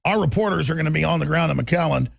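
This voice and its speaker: A man's voice: fairly high pitch, quick pace, vocal fry, dry recording. A man hosting a talk radio show, delivering an intense, rambling, emphatic monologue.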